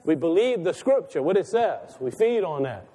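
A man's voice: fairly high pitch, sing-song, normal speed, dark tone. A man a sermon in a sanctuary, folksy and conversational, rising into impassioned calls. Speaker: preacher. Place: church sanctuary. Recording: long reverb of a church hall.

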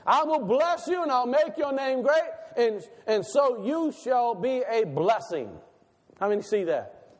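A male pastor preaching a sermon with animated rhetorical questions and laughter between lines. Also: very high voice, unhurried. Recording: long hall reverb.

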